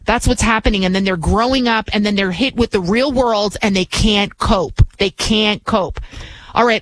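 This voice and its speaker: A woman's voice: a little high, no echo, poor audio. A woman filling in as a talk radio host, delivering blunt, combative and opinionated commentary.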